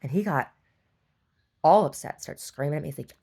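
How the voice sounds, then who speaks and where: Low-voiced exasperated woman rambling. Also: brisk, vocal fry, darkish tone, husky. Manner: rambling and exasperated, many restarts. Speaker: store owner. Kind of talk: casual storytelling monologue.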